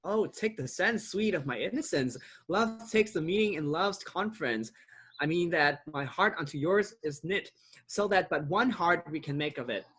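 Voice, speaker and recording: A man's voice: fairly high pitch, lively intonation, normal speed, fairly bright tone, husky. A man reading the part of an ardent young lover in an amateur play reading, earnest and declamatory. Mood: tender.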